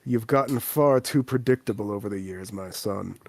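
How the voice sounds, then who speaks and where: A man voicing a stern, disdainful elven king and father, speaking low, quiet and deadpan. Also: moderate pace, creaky, no room sound. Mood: cold disdain.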